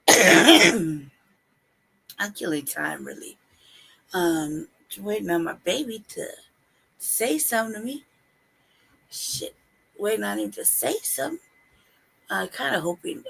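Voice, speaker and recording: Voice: mid-range voice, animated, moderate pace, vocal fry, long pauses, fairly bright tone, slightly rough, low-quality recording. A live-stream host chatting casually and rambling to viewers while waiting outdoors. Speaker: livestream host. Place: outdoors in the cold.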